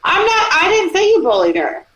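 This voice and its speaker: A woman's voice: very high-pitched, wildly swooping pitch, normal speed, fairly bright tone, poor audio. A woman co-host asking teasing, probing questions in a casual chat, with some swearing. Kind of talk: casual interview-style chat.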